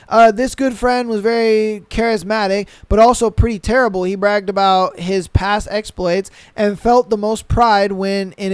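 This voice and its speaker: A male podcast host talks slowly and deliberately, reacting to read-out listener stories with blunt, profane disbelief. His voice sits at a middling pitch, recorded close on a podcast mic in a dry, dead room. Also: no room sound.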